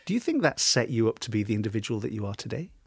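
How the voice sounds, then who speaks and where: A man's voice: lowish voice, very animated, rapid-fire, gravelly, breathy edge, no room sound. A man hosting a podcast interview, conversational and jokey, with some fillers. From not from Scotland. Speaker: podcast host.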